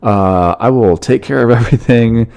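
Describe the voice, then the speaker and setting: A man's voice: mid-range voice, moderate pace, gravelly, a little mellow, pitched above the performer's own voice, lightly acted. A man playing a nervous male drug smuggler who pleads frantically with the police. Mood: nervous pleading. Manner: frantic, over-eager pleading.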